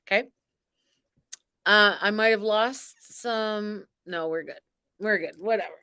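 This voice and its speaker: Slow, bright-voiced woman card reader. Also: medium pitch, clear, resonant tone. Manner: exuberant, theatrical, chanting and cheering. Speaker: spiritual card-reading host. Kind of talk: live spiritual card reading.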